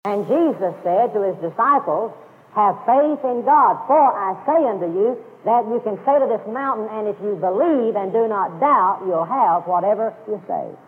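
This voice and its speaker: A man's voice: high voice, animated, normal speed, hardly any pauses. A man preaching a sermon to a congregation, emphatic and repeating his key phrases. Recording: phone-like lo-fi radio broadcast with long reverb.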